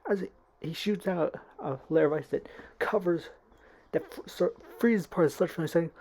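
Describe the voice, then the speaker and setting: A woman with a low, dark, gravelly voice rambles through a fan-made story, stopping and restarting all the time. She is on a computer mic at home, lo-fi with a faint hiss. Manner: halting, full of restarts and fillers. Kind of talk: rambling fan-fiction retelling.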